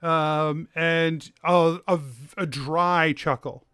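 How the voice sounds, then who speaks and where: High, bright-voiced man running a tabletop game. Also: steady tone, very slow, clear, resonant tone, dry recording, studio quality. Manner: laid-back, hesitant with many fillers. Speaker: game master.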